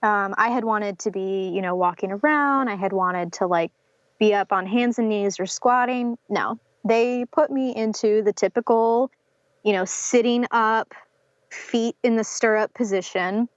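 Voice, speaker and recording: A young woman from North Carolina recounts her experience to a podcast host. She fills her speech with "um" and "like" and slips into quoting others. The audio is dry and slightly muffled, at a middle pitch. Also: measured pace, dry recording. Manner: many fillers like "um" and "like", acts out quotes of others. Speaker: podcast guest. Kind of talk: telling a personal birth story in an interview.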